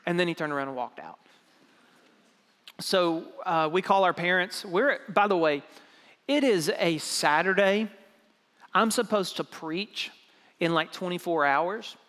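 A young man preaching with a fairly high voice, telling a personal story to his congregation. He slips into the voices of the people he quotes, keeping it casual. His voice rings with long reverb from a large hall. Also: measured pace, long pauses, fairly bright tone. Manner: conversational, acts out quoted dialogue. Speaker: pastor. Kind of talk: storytelling sermon.

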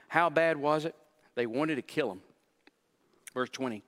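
A man's voice: on the high side, animated, unhurried, long pauses, a bit bright. Male pastor preaching with emphatic intensity. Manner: emphatic preaching, explaining scripture verse by verse; rising and falling intensity, with short stammered restarts. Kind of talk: sermon.

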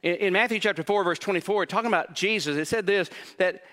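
A man's voice: high-pitched, quick pace, a bit bright. A man preaching a sermon as pastor, emphatic and building intensity, repeating key phrases for weight. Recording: reverberant hall.

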